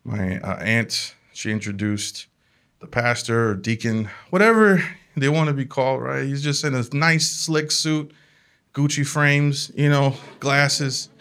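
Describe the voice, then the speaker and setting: Bright-voiced man telling a funny story. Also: mid-range voice, measured pace, smooth. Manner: animated, laughs while telling the story. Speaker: comedian. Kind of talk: comedic storytelling.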